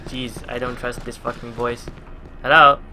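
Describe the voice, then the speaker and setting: A man's voice: mid-range voice, little pitch movement, measured pace, very noisy. A man in his twenties from New Jersey, playing through a horror game and commenting, jumpy and swearing constantly, yelping when startled. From New Jersey, USA. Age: 20s. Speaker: let's play gamer. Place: at home at a gaming computer.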